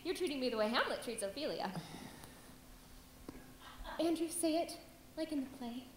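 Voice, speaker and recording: A woman's voice: high voice, lively intonation, normal speed, roomy sound, slight background noise, rough recording. A woman playing a giddy young theatre fan. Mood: gushing. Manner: gushing, breathless, giggly. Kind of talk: amateur stage play.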